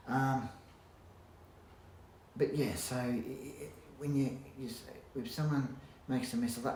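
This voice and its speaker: Man, casual vlog rant, halting and sweary, echoey home recording. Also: medium pitch. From Australia. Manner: rambling, halting restarts, blunt swearing. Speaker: vlogger. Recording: roomy echo, faint background hum.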